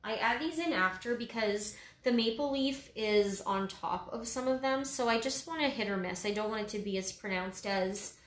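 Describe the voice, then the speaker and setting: A woman's voice: on the high side, normal speed, hardly any pauses, fairly bright tone. A woman giving a casual step-by-step painting tutorial, easygoing and full of little fillers. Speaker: painting instructor. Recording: roomy echo.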